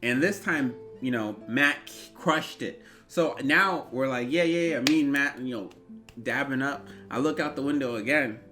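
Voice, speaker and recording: A man in his twenties telling an animated, rambling story in a storytime vlog. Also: medium pitch, measured pace, soft background music. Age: 20s. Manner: animated, rambling, bursts into yelps. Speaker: vlogger.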